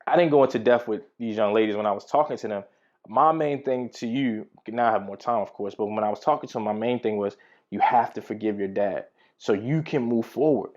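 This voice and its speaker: A man's voice: on the low side, a little fast, a little mellow, dull audio. A man teaching from the Bible in a casual, slangy way, telling personal stories. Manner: conversational, slangy storytelling.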